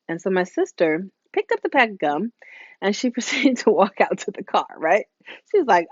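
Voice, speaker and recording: A woman's voice: mid-range voice, very animated, moderate pace, no echo, dull audio. A woman hosting a live motivational talk as a hair stylist, speaking casually and preachily and acting out voices she quotes. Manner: casual, with many fillers and asides.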